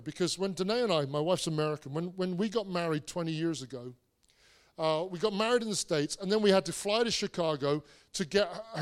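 A man's voice: sits high, smooth. A man, preaching a sermon in a conversational storytelling way, with restarts and self-deprecating asides. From England. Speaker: pastor.

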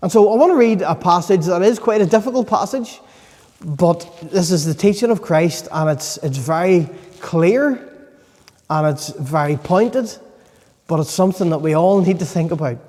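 A man delivers a sermon in a high but mellow voice. He speaks earnestly and with emphasis, pausing to let points land. The sound rings with the long reverb of a large hall. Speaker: preacher.

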